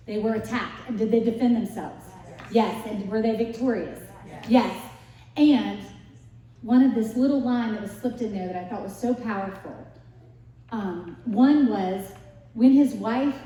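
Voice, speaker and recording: A woman's voice: on the high side, lo-fi sound. Woman teaching Bible story, echoey room. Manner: lively storyteller asking rhetorical questions. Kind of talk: casual Bible lesson retelling. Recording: echoey room, distant mic.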